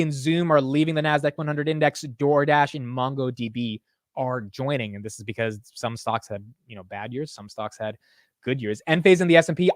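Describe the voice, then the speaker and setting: A man's voice: on the high side, dry recording, clean studio sound. A man hosting a live stock market show in casual commentary, rambling and blunt with casual swearing.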